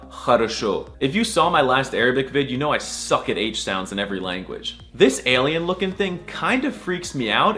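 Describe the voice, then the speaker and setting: Animated man joking through an alphabet lesson. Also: medium pitch. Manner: exaggerated mock-serious delivery with sudden squeals. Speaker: comedy language tutor.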